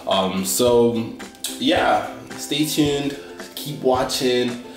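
A man's voice: medium pitch, drawn-out words. A man talking casually to camera in a vlog, hesitating often with ums and restarts, and later filming in his kitchen. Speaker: vlogger. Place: home kitchen. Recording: roomy kitchen with guitar music behind.

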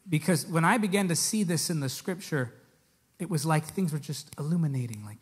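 A man's voice: fairly high pitch, sing-song, fairly quick, breathy edge. A man preaching a sermon to a live congregation, direct and emphatic, pressing his points with rhetorical questions. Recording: echoey hall with long reverb.

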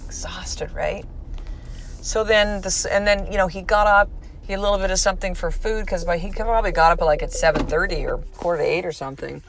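A woman with a somewhat low voice hosts her own podcast, talking candidly and loosely. She rambles with plenty of fillers as she tells the story. A faint hiss sits under her voice. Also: fast talker, fairly bright tone. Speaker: podcast host and mother. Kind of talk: casual podcast monologue.

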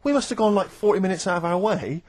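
Man, high voice, fast talker, animated anecdotes, radio studio chat. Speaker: radio co-host.

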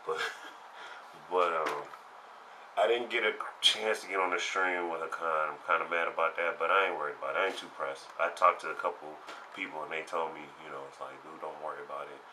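A man giving a casual spoken recap of a fighting game tournament, slangy and animated, getting loud and heated as he retells it. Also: low-pitched, fairly quick, slight background noise, rough recording.

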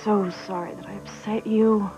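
An actress playing a young wife softly apologizing to her husband in a soap opera. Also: medium pitch, fairly even intonation, normal speed, natural voice. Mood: apologetic. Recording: dull soap audio with music.

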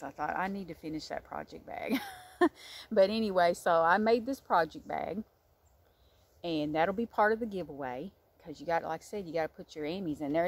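Chatty woman, low voice. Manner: chatty, rambling, warm-hearted with many fillers. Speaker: crochet channel host. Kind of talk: casual book review chat. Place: outdoors.

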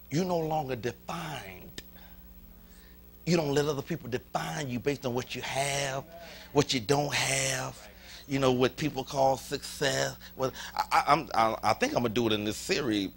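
A male pastor with a Southern US accent preaching an animated sermon in a church, leading his congregation in call and response and dropping to a whisper at times. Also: medium pitch, creaky, a little hiss or hum. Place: church sanctuary.

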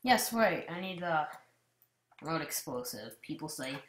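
A woman giving casual gameplay commentary, swinging between loud outbursts and muttered asides. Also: deep voice, expressive, unhurried, reverberant. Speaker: gamer commentator.

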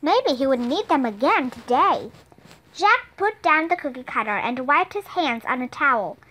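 Bright, expressive woman reading a storybook. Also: high voice, normal speed. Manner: expressive, clear read-aloud. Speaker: audiobook reader. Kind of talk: storybook narration.

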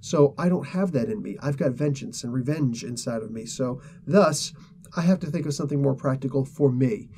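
A man's voice: medium pitch, animated, brisk, dark tone, a little hiss or hum, natural voice. A man voicing a vengeful, frustrated teenage girl sorceress in a casual retelling, exasperated and musing. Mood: grim.

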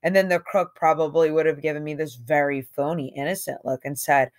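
A woman's voice: low-pitched, steady tone, a little fast, few pauses. A woman reading a novel aloud in a conversational, slangy first-person voice with emphatic swings. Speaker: audiobook reader.

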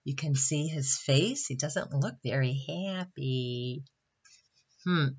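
Taking her time, a woman reads a picture book to kids at Bible camp, stopping frequently to ask the listener questions in a chatty way. Her bass voice has a darkish, slightly rough tone, and the recording sounds muffled.

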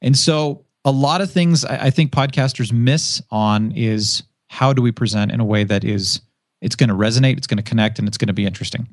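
A man speaking as a guest on a podcast, with a former radio DJ's easy command of the mic. He tells stories with animation and slips into the voices of the people he quotes. His voice sits at an average pitch, recorded close and dry with no room sound. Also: brisk, dry recording. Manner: animated storyteller who acts out quoted voices. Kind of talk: casual podcast interview.

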